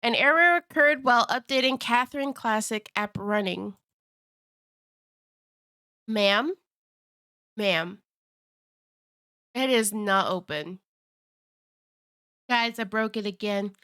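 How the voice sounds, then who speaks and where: Giggly high-voiced woman streamer. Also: slow, long pauses, pushed and bright, smooth. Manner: giggly and flustered, laughs often. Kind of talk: casual live-stream chat.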